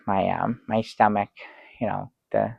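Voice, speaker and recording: A man playing an excitable talk show guest in an improvised comedy sketch, rambling and halting, breaking into theatrical exclamations. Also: on the low side, vocal fry, slightly rough, no room sound, highs cut off, exaggerated voice. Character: fussy excitable man telling a travel story. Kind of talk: improvised comic storytelling.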